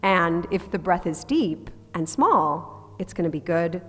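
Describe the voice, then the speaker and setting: A woman's voice: on the low side, expressive, unhurried, fairly bright tone. Woman voice coach walking a group thru breathing drills, long reverb, a bit of music behind. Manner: demonstrates breathing sounds, asks the group to try. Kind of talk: workshop teaching to a group. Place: large hall with a live group.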